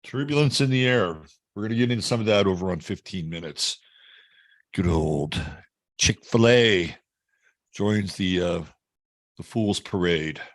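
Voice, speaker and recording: A man's voice: deep voice, measured pace, long pauses. A middle-aged man hosting an astrology show, talking in a chatty, jokey livestream style. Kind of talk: casual livestream chat.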